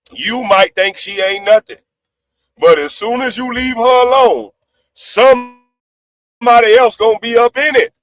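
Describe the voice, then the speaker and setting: A man ranting on a live stream panel in a brash, profane way. He swings between loud outbursts and low, laughing asides. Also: low-quality recording. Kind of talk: heated livestream rant.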